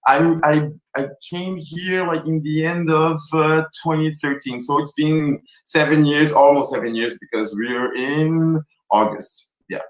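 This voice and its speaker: A man's voice: a little high, measured pace, reverberant, low-quality recording. A man from Brazil speaking animatedly and rambling as a guest in a virtual film Q&A. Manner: animated, rambling, self-described extravagant. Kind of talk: virtual Q&A conversation.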